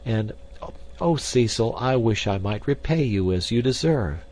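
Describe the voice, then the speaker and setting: A man's voice: mid-range voice, lively intonation, a little slow, darkish tone, pitched above the performer's own voice. A man reading the part of a proud young woman, earnest and dignified.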